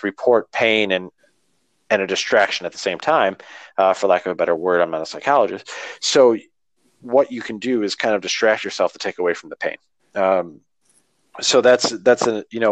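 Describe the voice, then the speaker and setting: A man's voice: lowish voice, no room sound. A man in casual podcast conversation, an earnest and rambling storyteller talking through his running training. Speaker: runner talking about training.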